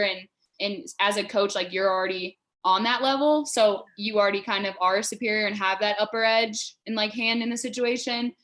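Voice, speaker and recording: A woman's voice: mid-range voice, steady tone, moderate pace, fairly bright tone. Young woman, rambling with "like". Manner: rambling, heavy use of "like". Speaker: former player, panelist. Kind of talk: panel discussion.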